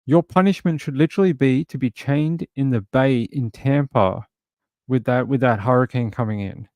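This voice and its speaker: Brief: male live stream host, conversational, reads chat, dry close mic, mid pitch. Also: normal speed, a little mellow, dry recording. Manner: chatty, reads viewer comments aloud.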